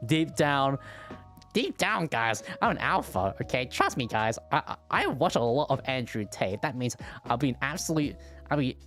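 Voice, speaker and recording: A man's voice: mid-range voice, big pitch swings, normal speed, a bit bright, faint music behind. A man streaming and chatting casually with his viewers, stuttering and repeating words as he talks.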